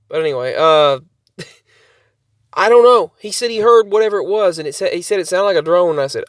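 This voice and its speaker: A man's voice: high-pitched, expressive, a little fast, dry recording, clean studio sound. A man telling a rambling story to camera for his channel, often repeating and restarting his sentences. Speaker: vlogger.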